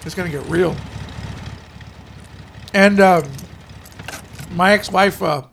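A man in his thirties chatting casually as a podcast co-host, telling animated stories and acting out what people said. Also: sits high, slow pace, vocal fry, slight background noise. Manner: animated storyteller acting out quotes, laughs often. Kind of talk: casual storytelling chat.

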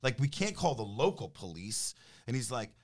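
A man's voice: medium pitch, very animated, moderate pace. A man with a New Jersey accent telling a story in casual conversation, acting out both sides of phone calls and getting heated. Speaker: business development director. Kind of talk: animated storytelling in casual chat.

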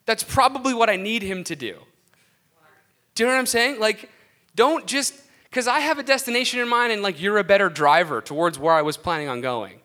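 A man preaching a casual, conversational sermon with animated delivery and self-deprecating asides. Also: high voice, brisk.

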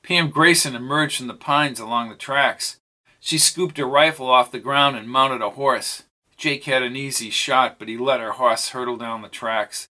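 A man narrating an audiobook in a steady, even storytelling voice. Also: medium pitch, moderate pace.

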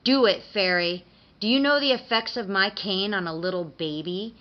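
A woman's voice: medium pitch, normal speed, close to an everyday voice. A woman voicing a cruel, foul-mouthed male imp with a tail and a cane, snarling and mocking, on a dull lo-fi recording. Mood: menacing. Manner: snarling, mocking, shouting threats.

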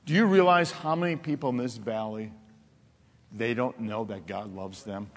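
A man preaching a sermon as pastor, telling animated personal stories, laughing often and dropping to soft, intense tones. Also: fairly low pitch, moderate pace. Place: church sanctuary. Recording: long reverb of a church hall.

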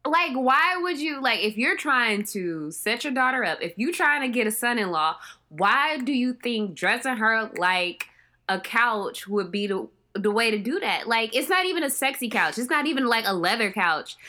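A woman co-hosting a podcast in casual chat, expressive and acting out her reactions. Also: on the high side, normal speed. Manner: expressive, exclaims and acts out reactions. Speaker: podcast co-host.

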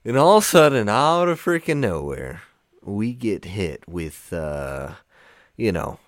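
A man's voice: fairly low pitch, unhurried, no room sound, clean studio sound. A young man, co-hosting a podcast in casual chat, telling stories with lots of fillers and frequent laughs. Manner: animated storytelling, laughs often, many "like" fillers. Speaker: podcast co-host. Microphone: studio microphone.

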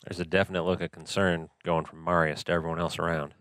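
A man's voice: sits low, flat delivery, quick pace, fairly bright tone, no room sound. A man narrating actions in a tabletop role-play, matter-of-fact.

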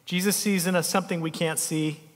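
A male U.S. pastor with a slightly high voice preaches a heartfelt, emotional sermon packed with personal stories, talking a little fast. He swings between lively emphasis and soft, tender lines at gentle moments. The long reverb of a large hall surrounds him.

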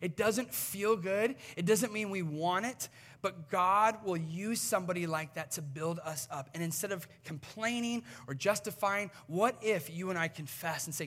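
A man preaching a sermon as a pastor, telling a story and acting out the voices in it before rising to a forceful close. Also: high voice, moderate pace. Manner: storytelling preacher, acts out quoted voices, builds to a forceful climax. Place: church hall. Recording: long hall reverb.

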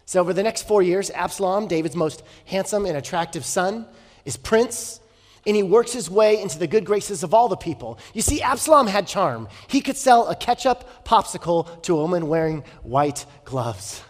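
High-voiced preacher in an echoing hall. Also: male voice, expressive, normal speed. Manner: storytelling, rhetorical questions, shifts from loud to hushed. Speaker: pastor. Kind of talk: sermon. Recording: long hall reverb.

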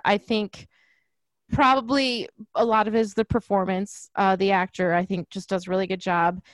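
A woman's voice: mid-range voice, no echo. A woman talking casually about a movie, quoting characters with a raised voice. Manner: animated, quotes characters in a raised voice.

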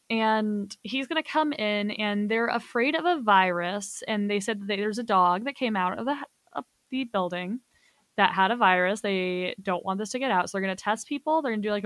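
A woman's voice: mid-range voice, no echo. Young woman retelling a film, dry mic. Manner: animated retelling with filler words. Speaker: podcast co-host. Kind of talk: casual movie discussion.

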